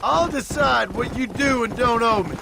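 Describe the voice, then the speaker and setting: An actor playing a tough, laconic gunslinger who speaks dryly and tersely in a video game cutscene. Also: male voice, very high-pitched, normal speed, vocal fry, noisy background, full character voice. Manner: dry, terse, threatening. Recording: game audio with outdoor ambience.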